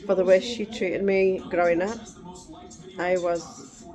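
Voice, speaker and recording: A woman's voice: medium pitch, fairly even intonation, slow pace, darkish tone. A middle-aged woman vlogging in casual chat, rambling and digressive.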